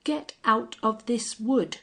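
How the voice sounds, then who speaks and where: Brief: woman doing a red-faced squire, loud, blustering, breathy, slow and heavy. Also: medium pitch, expressive. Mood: shouting. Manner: shouting, blustering. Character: angry red-faced English country squire.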